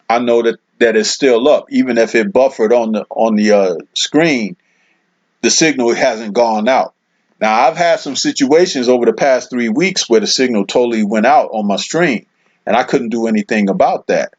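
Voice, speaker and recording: A man's voice: mid-range voice, moderate pace. Laid-back man hosting a livestream, lo-fi sound. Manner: laid-back, chatty, lots of "man" and "you know". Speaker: livestream host. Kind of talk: casual livestream chat, reading out viewer comments. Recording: dull lo-fi stream audio.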